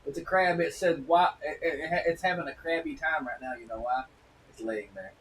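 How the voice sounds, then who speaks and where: A man's voice: fairly high pitch, normal speed, a bit bright. Rambling male streamer, off-mic. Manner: rambling, with frequent restarts and repeated words. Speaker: live streamer. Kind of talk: casual live-stream chat. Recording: distant mic with faint noise.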